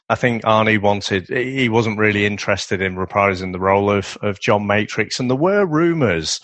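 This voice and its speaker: A man co-hosting a casual film review podcast, chatty and quick to laugh, with a lot of rambling asides. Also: on the low side, a bit bright, no echo. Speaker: podcast co-host.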